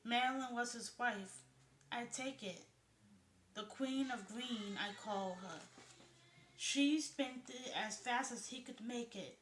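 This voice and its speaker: A woman's voice: a little high, slow pace, a bit bright, slight background noise. A woman reading the lines of a gossipy, talkative man with a southern drawl, in a roomy-sounding recording. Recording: roomy echo.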